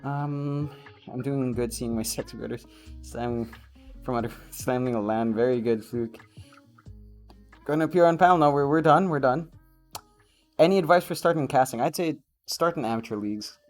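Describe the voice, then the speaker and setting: A man's voice: mid-range voice, moderate pace, a little mellow, soft background music. Easygoing man chatting on a podcast. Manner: easygoing, agreeable, backchannels a lot. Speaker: esports caster and podcast co-host. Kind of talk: casual chat. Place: hotel conference room.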